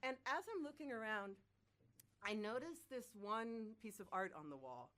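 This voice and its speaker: A young woman telling a personal story in a lively, self-mocking way, with casual swearing. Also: fairly high pitch, moderate pace.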